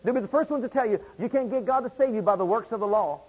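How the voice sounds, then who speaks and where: A man's voice: high-pitched, fast, husky, dull audio. A man preaching a sermon, driving home points by repeating phrases and reading scripture aloud.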